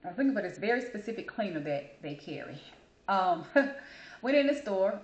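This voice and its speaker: Woman host, casual storytelling, animated delivery, echoey room. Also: normal speed, lo-fi sound. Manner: animated, acts out quotes with big pitch jumps. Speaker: channel host.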